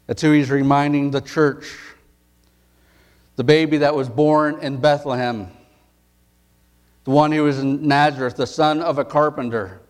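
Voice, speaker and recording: A male pastor reading scripture and preaching a sermon, earnest and emphatic, rising in pitch and force at key points.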